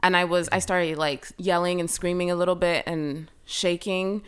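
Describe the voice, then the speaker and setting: Smooth low-voiced young woman storyteller. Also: moderate pace. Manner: chatty, filler-heavy, animated retelling. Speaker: guest. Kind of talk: casual storytelling chat.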